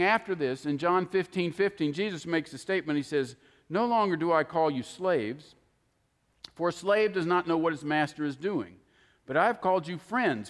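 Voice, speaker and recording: Male preacher, earnest and emphatic, slightly high voice, long reverb of a hall. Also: a bit bright. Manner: earnest, emphatic teaching with scripture quotes. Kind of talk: sermon.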